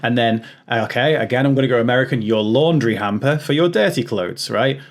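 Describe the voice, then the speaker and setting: Male podcast host, mid pitch, casual, laughs a lot, talks in restarts. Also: brisk. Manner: chatty, laughs often, many restarts. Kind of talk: casual chat.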